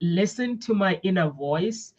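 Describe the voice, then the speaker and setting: A woman's voice: lowish voice, expressive, a little slow, a little mellow, highs cut off. A woman from Africa, with English not her first language, hosting a casual chat, restarting often and laughing easily. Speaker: host.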